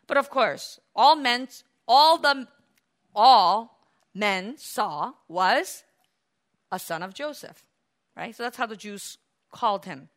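A woman preaching a sermon, animated, acting out the voices of the people in her story. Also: on the high side, takes it slowly, long pauses. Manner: animated, acts out voices of biblical figures.

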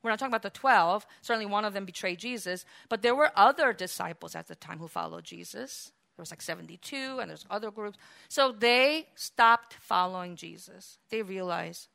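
A woman preaching a sermon in an animated way, acting out quotes and swinging between loud exclamations and quiet asides. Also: mid-range voice, moderate pace, vocal fry.

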